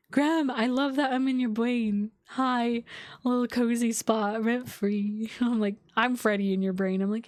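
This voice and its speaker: A woman's voice: mid-range voice, little pitch movement, unhurried, dry recording, clean studio sound. A woman astrologer hosting a casual live stream, talking to her viewers in an effusive, heartfelt way, full of likes and restarts. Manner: talks with many likes and restarts.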